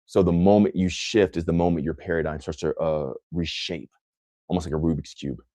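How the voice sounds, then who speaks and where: Intense low-voiced man, dry close sound. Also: steady tone, a little fast, mellow, no echo. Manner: intense, emphatic, repeats phrases for effect; scornful toward critics. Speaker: host answering live comments. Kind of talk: motivational livestream talk.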